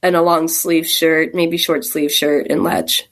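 A woman's voice: low-pitched, level tone, measured pace. A woman from Texas, a caver, telling stories in a rambling, chatty way during a casual interview, laughing often. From Texas, USA. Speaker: guest caver.

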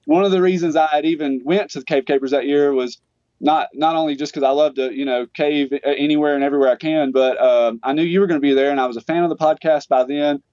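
Southern guy from alabama, friendly easygoing guest, slightly high voice, kinda muffled dry sound. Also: fast talker, a little mellow, no echo. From Tuscaloosa, Alabama. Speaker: guest caver. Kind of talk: casual podcast interview.

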